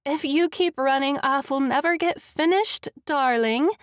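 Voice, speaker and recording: A teasing, cheerful young bride-to-be, as a woman reader does her in an audiobook. Her voice sits a bit higher and she talks brightly. The recording is dry. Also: measured pace, no echo.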